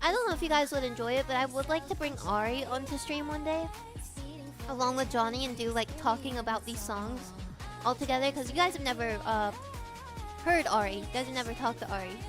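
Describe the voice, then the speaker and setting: Giggly high-voiced woman streamer. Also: brisk, over music. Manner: giggly, rambling, playful. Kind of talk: casual chat with stream chat.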